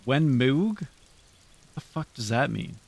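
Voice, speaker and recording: A man's voice: medium pitch, very animated, measured pace, gravelly, a little mellow. A man streaming live, chatting loosely with his viewers as he wraps up, rambling and swearing freely. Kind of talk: casual stream sign-off chat to viewers.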